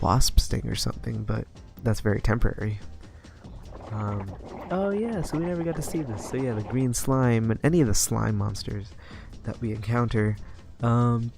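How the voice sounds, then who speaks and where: A man's voice: on the low side, creaky, dark tone. A young man giving casual commentary on a game he is playing, rambling along with plenty of fillers. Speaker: let's play gamer.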